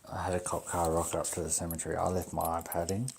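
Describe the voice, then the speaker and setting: Gravelly, deep-voiced man. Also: monotone, fast, slight background noise. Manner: blunt, profane, indignant. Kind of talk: casual storytelling to viewers.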